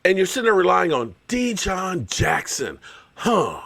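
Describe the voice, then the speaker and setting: A man's voice: sits high, wildly swooping pitch, unhurried, vocal fry, fairly bright tone. A man hosting a live stream, ranting about football in a fired-up, sarcastic way and repeating words for emphasis. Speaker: show host and former pro football player. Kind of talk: heated live-stream sports rant.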